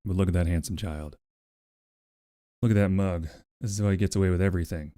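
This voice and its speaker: A man's voice: sits low, fairly even intonation, a little fast, mellow, dry recording, clean studio sound. A man casually chatting with his stream audience, rambling and wry, swearing freely and talking to his pet. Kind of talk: casual livestream chat with a co-working audience.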